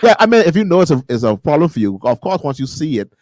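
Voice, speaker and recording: Animated, fast-talking male radio host. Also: a little high, no echo. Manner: animated, laughs often. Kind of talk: casual radio talk show chat.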